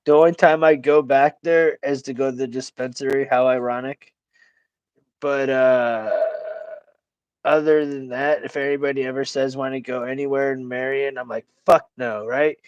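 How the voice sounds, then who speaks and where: A man's voice: medium pitch, fairly even intonation, normal speed, clear, resonant tone, no room sound, dull audio. A man hosting a casual chat, laid-back, swearing freely and laughing often. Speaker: host.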